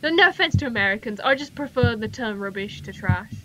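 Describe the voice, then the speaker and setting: A young woman giving profane, jokey commentary while playing a horror game, reacting loudly. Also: fairly high pitch, lively intonation, fairly quick. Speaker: gaming channel host. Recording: humming noisy home recording.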